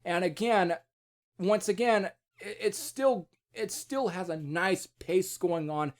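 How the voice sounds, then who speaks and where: A man's voice: high voice, takes it slowly. Rambling man reviewing an album. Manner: rambling, many restarts and fillers, casual cursing. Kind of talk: casual spoken music review.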